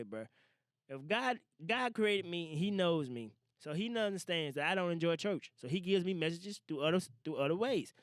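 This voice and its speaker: A young man hosting a casual solo podcast, talking loosely with profane slang and animated asides. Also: a little high, clear, resonant tone, no echo, studio quality. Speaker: podcast host. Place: small recording room. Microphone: studio mic.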